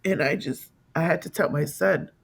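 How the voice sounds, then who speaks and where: Grieving woman recounting a loss, halting. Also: low-pitched, creaky, breathy edge. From California. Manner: emotional, halting, repeats herself, acts out quoted voices. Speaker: guest telling her story. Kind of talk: personal storytelling interview.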